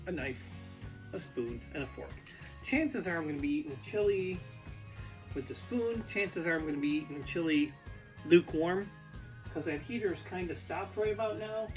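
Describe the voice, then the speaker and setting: A man casually vlogging from his home basement, talking unscripted and rambling as he reviews food. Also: a little high. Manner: rambling, off-the-cuff, chatty. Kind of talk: casual unscripted vlog talk. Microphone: ear pod.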